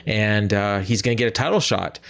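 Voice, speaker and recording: A man's voice: lowish voice, a little fast, gravelly, a bit bright. Rambling Canadian man, casual sports chat. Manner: rambling, many fillers and restarts. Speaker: podcast co-host.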